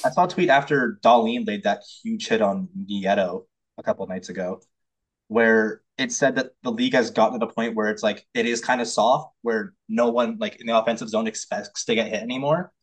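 A man co-hosting a hockey podcast in quick, chatty casual talk. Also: fairly low pitch. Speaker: podcast co-host. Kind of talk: casual sports chat.

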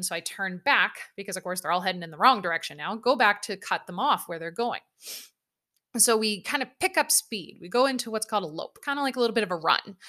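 Bright-voiced woman telling a candid story. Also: mid-range voice. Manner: candid and self-mocking, swears freely. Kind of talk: casual personal anecdote.

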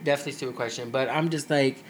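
A man co-hosting a casual podcast chat, excitable and rambling, with playful asides. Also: mid-range voice, very fast, slight background noise. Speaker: podcast co-host.

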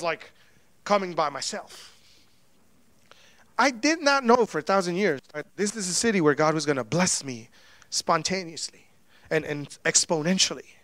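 Casting note: male pastor with a high voice, preaching casually with sudden loud and soft swings, dry close sound. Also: no echo. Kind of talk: sermon.

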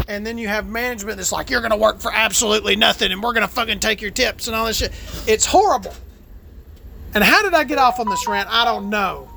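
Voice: mid-range voice, gravelly, background noise, natural voice. A performer voicing a brash, profane trans woman podcast host, ranting and rambling in a comedic monologue.

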